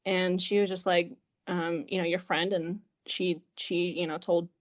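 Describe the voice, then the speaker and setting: A woman's voice: on the low side, level tone, measured pace, muffled recording. A woman guest telling a personal story in casual conversation, chatty and full of fillers, acting out the dialogue she recalls and laughing often. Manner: chatty, filler-heavy retelling that acts out quoted dialogue with frequent laughs. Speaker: interview guest.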